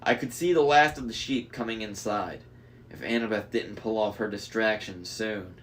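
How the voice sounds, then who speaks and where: A man's voice: lowish voice, normal speed, a bit bright, slight background noise. A man reading a novel aloud, who drops in casual asides and restarts lines after slips. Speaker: reader.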